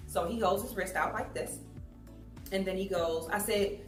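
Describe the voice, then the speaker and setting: Woman, thirties, lively storyteller on stage; echoey hall, faint music. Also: mid-range voice, measured pace, long pauses. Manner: animated, acts out voices in her stories. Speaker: public speaker. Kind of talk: storytelling talk to an audience.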